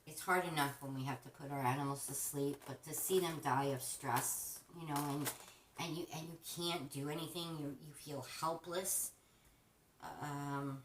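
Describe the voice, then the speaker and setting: A woman with a low voice chats casually as a craft host, rambling and often restarting her sentences. She sits some way from the mic in a roomy space. A faint hiss runs underneath. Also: steady tone, moderate pace, recorded from a distance. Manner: chatty and rambling, with frequent restarts. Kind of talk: casual chat while crafting.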